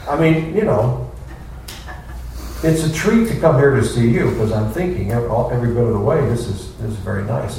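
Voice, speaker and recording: Folksy male teacher, gravelly and animated. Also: medium pitch. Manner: folksy, rhetorical questions, acts out quotes. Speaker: spiritual teacher giving a class. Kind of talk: informal scripture class. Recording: echoey room, distant mic, faint noise.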